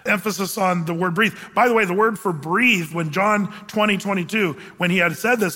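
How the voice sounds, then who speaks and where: A man's voice: sits high, normal speed, few pauses, sharp tone, big-room sound. A male pastor teaching a sermon verse by verse, talking conversationally, asking his congregation questions and reading scripture aloud.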